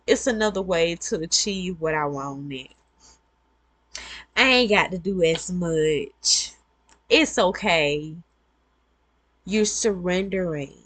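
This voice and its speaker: Brief: woman vlogger, slow unhurried delivery, lowish voice, earnest advice talk. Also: dry recording. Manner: earnest, repetitive, conversational. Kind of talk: casual advice monologue.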